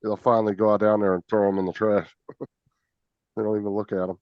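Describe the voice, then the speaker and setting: A man's voice: lowish voice, flat delivery, quick pace, smooth, no echo. A man chatting on a video call, teasing and laughing as he talks. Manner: teasing, laughs while talking. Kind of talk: casual chat. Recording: dull dry video call audio.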